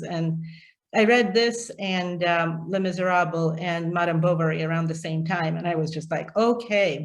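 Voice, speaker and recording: A woman leading a community reading discussion, talking about a novel with passion and frequent laughter. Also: lowish voice. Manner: passionate, laughs often, many fillers. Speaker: community reading project leader. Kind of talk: casual book discussion.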